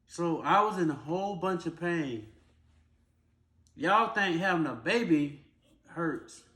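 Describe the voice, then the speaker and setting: A young man, telling a personal story in a plain, casual, drawn-out way. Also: a little high, fairly bright tone, roomy sound. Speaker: vlogger.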